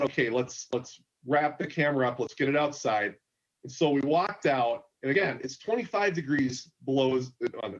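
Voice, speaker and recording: Guy filmmaker on a con panel telling a shoot story, kinda high voice, dull muffled sound. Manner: animated anecdote, quotes others. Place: convention stage.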